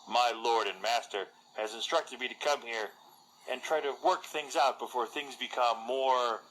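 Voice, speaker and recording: A man's voice: mid-range voice, fairly bright tone, a little hiss or hum, close to an everyday voice, low-quality recording. A man doing a courteous undead envoy. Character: courteous undead male envoy, smooth and wry.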